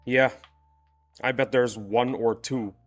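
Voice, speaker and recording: A man's voice: mid-range voice, fairly even intonation, slow, soft background music. Playful rambling male streamer. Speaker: game livestreamer. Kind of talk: casual chat with live viewers.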